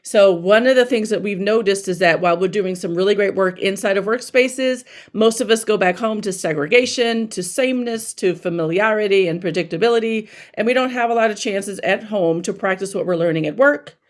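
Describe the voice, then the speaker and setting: Woman guest, equity strategist, plain mid-pitched voice, emphatic and conversational. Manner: emphatic, colloquial, quick asides. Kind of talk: casual interview talk.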